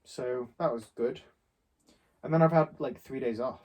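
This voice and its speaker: A man's voice: mid-range voice, moderate pace, a little mellow. A young man from England chatting casually, retelling a shop argument in a rambling way. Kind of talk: casual chat, storytelling.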